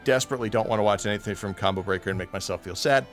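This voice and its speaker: Male stream host, jokey, casual announcements, soft music bed. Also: fairly low pitch, very fast. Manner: joking, plugs the stream fundraiser. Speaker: host and commentator. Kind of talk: casual chat.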